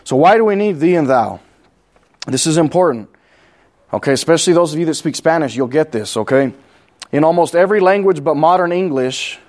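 A man's voice: medium pitch, darkish tone. A man preaching a conversational sermon, repeating key points and asking the congregation questions.

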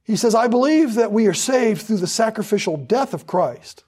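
A man's voice: high voice, animated, moderate pace, a little mellow, breathy edge. A man preaching a sermon with fervor, hammering points through repetition and drawing out scripture for emphasis.

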